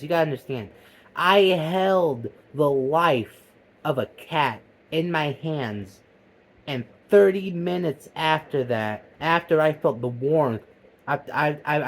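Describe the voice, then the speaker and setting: Profane ranting man with a raised voice. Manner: profane, heated, swinging between loud outbursts and low mutters. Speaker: vlogger. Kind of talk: comedic ranting monologue.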